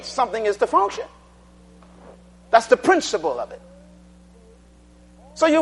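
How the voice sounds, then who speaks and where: A man preaching a sermon, drilling the congregation to repeat phrases and swinging between loud declarations and quiet asides. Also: high-pitched, sing-song, moderate pace, pauses often.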